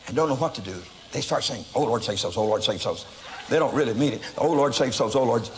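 An older American man preaching, telling a story in an animated way with sudden shouts and laughter at himself. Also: medium pitch, in a large hall, a little hiss or hum, low-quality recording. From United States. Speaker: evangelist preacher. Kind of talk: storytelling sermon.

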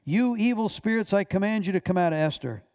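A forceful male preacher barks commands, raised high and loud, with a rough, gravelly grain. He pushes hard on every word, as a man reading the story aloud puts him on. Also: expressive, a little fast, long reverb tail. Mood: commanding.

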